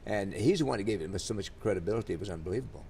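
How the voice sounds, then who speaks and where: A man's voice: lowish voice, lively intonation, racing, vocal fry, a little mellow, a little hiss or hum. Older man telling stories. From Louisiana, USA. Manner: rambling, many fillers and restarts. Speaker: interviewee, country singer. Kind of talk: storytelling in an interview.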